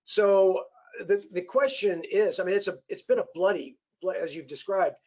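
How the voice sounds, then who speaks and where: Halting moderator man, muffled audio. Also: high voice, darkish tone. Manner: polite, halting, many fillers. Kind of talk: interview questioning.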